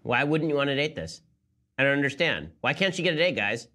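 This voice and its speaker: Fast-talking sarcastic male commentator. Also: mid-range voice, animated. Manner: sarcastic, incredulous. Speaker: political commentary show host. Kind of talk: rapid-fire commentary.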